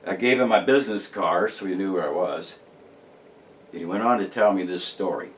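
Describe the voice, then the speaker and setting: Rambling low-voiced man, off-mic. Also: fairly quick, a bit bright, far from the mic. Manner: rambling, emphatic, frequent restarts and fillers. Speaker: paranormal researcher. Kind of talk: casual monologue to camera.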